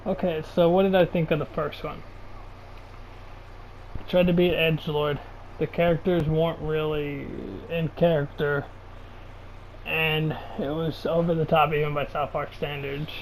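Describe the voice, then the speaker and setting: A man reads a fan horror story aloud, then breaks off for sarcastic, exasperated asides full of swearing. His voice sits slightly high. A faint hiss runs behind him. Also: flat delivery, measured pace, pauses often, poor audio. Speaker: story reader and reviewer. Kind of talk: reading a fan story with mocking commentary.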